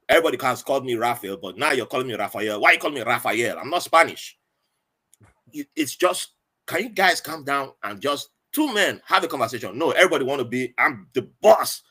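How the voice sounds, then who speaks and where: A man's voice: medium pitch, normal speed. A man, telling stories in a casual podcast chat. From Nigeria. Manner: animated, acts out quoted voices. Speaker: podcast guest.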